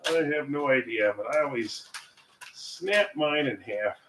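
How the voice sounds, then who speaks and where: An American man in the middle of his pitch range talks while he cooks, wandering off into rambling asides and chuckling. His voice rings in a roomy home kitchen with a faint hum behind it. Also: a little slow, a bit bright, far from the mic. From United States. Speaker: cooking vlogger and English teacher. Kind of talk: casual cooking livestream chat. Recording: echoey kitchen with faint ambient noise.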